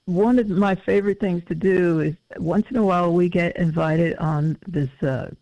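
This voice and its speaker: Man in his fifties, musician guest, slightly high voice, thoughtful and halting, muffled lo-fi sound. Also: gravelly, no room sound. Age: 50s. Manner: reflective, halting with many fillers. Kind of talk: casual interview conversation. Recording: dull lo-fi audio.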